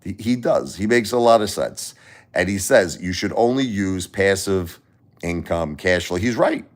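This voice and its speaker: With a very low, deep voice, a middle-aged livestream host and musician from Brooklyn, New York, chats casually with a Brooklyn accent. He moves bluntly from story to story, swearing freely, expressive yet measured in pace.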